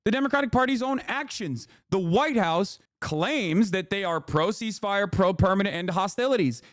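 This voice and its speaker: A man's voice: fairly high pitch, dry recording, clean studio sound. A man in his thirties giving blunt, profane, exasperated live reaction commentary as a political streamer.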